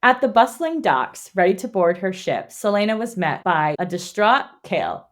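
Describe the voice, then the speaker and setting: A woman co-hosting a book club podcast, reading a plot summary and then chatting in an animated way, laughing and swearing. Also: mid-range voice, normal speed. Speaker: podcast co-host. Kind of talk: read summary and casual book chat.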